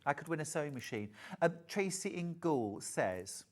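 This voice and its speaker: A man's voice: on the high side, animated, moderate pace. A man hosting a live TV shopping sale, chatty and gushing, reading out viewers' messages and calling them darling. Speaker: shopping channel host. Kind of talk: live TV shopping sales pitch.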